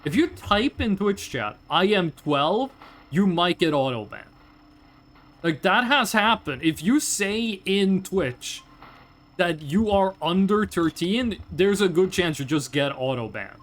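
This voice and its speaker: High-voiced chatty male streamer. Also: sing-song, measured pace, a bit bright. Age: 20s. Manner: chatty and profane, joking with chat. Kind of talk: casual live game commentary.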